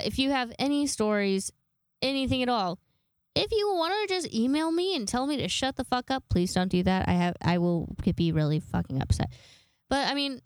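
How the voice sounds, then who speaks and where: Stuffy-nosed young woman just rambling into her podcast mic, swears a lot, smooth voice, dead dry room. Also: high-pitched, no room sound. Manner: rambling, self-deprecating, swears casually. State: congested from a sinus infection. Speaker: podcast host. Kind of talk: casual solo podcast monologue.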